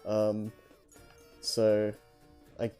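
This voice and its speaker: A man co-hosting a podcast, rambling and halting with little laughs. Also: lowish voice, completely flat delivery, darkish tone, smooth, soft background music. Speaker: podcast co-host. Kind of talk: casual chat.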